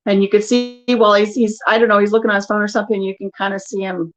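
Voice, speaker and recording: Older woman vlogger at home, chatty and animated storyteller, slightly dull lo-fi recording. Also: mid-range voice, fast talker, soft background music. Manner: animated storyteller who acts out quotes. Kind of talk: casual chat. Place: home living room.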